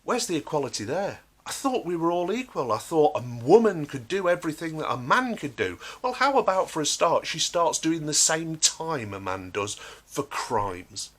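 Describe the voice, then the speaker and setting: A man's voice: fairly high pitch, big pitch swings, normal speed, few pauses, fairly bright tone. A man delivering an emphatic, sarcastic ranting monologue. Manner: emphatic, sarcastic, acts out quotes. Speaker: vlogger.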